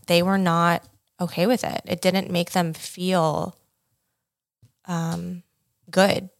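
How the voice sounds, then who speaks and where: A woman's voice: fairly low pitch, little pitch movement, slow pace, creaky, long pauses. A woman co-hosting a podcast in casual chat, speaking directly and matter-of-factly. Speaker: podcast co-host.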